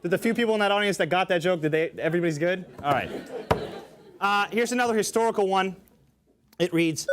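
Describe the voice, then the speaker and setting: Young man, high voice, comedy show host, joking, filler-heavy delivery, music behind. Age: young adult. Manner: joking, reads gag texts with fillers. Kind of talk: stand-up style show hosting. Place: college studio with audience.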